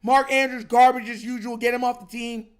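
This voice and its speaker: Extremely high-pitched and brisk, this young man's voice stays level and clean as he hosts a livestream. He rants in frustration about a football game, slangy and repetitive, saying "bro" constantly in a casual way.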